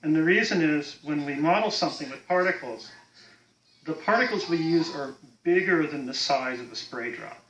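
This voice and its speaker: A man explaining technical visual-effects work in a measured, explanatory way. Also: fairly high pitch, a bit bright, a little hiss or hum. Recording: roomy echo.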